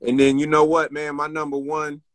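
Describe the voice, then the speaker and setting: A man's voice: fairly high pitch, completely flat delivery, fairly quick, a little hiss or hum. A man who is a guest on a casual interview over a video call, answering in a thoughtful, laid-back and friendly way.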